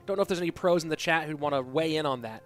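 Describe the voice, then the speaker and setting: A man casting a live esports match on his own, answering chat between excited play calls. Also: fairly high pitch, very fast. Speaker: esports caster. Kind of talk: solo live esports commentary with chat reading. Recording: loud music behind voice.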